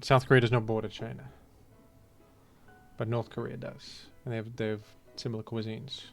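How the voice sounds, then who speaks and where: A man's voice: mid-range voice, flat delivery, normal speed, gravelly, faint music behind. A man giving casual, rambling gameplay commentary, full of jokes and mock-outraged asides. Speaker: gaming video host.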